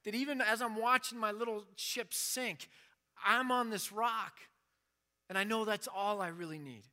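A man's voice: sits high, moderate pace, pushed and bright. A man giving an informal sermon with passion, acting out the prayers he quotes. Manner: impassioned, acts out quoted prayers. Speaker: preacher.

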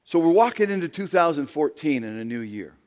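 A pastor preaching a sermon, swinging from quiet, low talk to loud, raised passages. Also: male voice, sing-song, brisk. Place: church sanctuary. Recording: long reverb of a large hall.

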